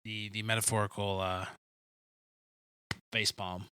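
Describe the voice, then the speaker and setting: A man hosting a podcast, telling a story in an animated, joking way in casual discussion. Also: on the low side, unhurried, clear, resonant tone, no room sound, clean studio sound. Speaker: podcast host.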